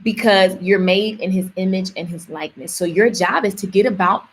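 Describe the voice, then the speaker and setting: A woman's voice: medium pitch, a little fast, breathy edge. A young woman, coaching her audience in a casual motivational livestream, chatty and preachy and repeating words for emphasis.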